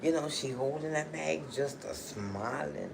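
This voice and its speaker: A woman's voice: sits low, a little slow, gravelly, background noise. A woman telling a personal story to her livestream viewers in a chatty, emotional way, full of "you know" and "okay". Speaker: livestream host.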